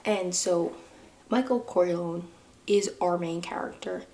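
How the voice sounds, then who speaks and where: Gravelly-voiced New York woman, chatty. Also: lowish voice, slow, darkish tone. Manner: chatty, conversational, asides to listeners. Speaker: podcast host. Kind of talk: casual solo book-and-film chat.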